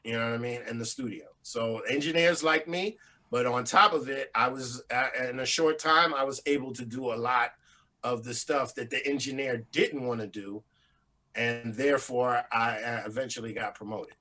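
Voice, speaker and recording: A middle-aged former studio engineer tells his story in an interview. His voice has a bright edge. He explains technical steps patiently and drops casual slang as he goes. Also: medium pitch, normal speed. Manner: relaxed, explanatory, laid-back slang.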